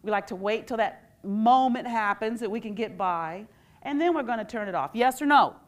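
A middle-aged woman and former teacher giving a lively workshop talk, quizzing the audience and leading call-and-response. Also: mid-range voice, moderate pace. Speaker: educator and workshop speaker.

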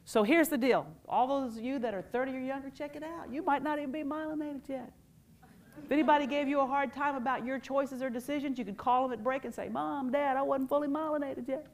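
A middle-aged woman giving a playful, animated workshop talk to parents and quizzing the audience. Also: sits high, fast talker.

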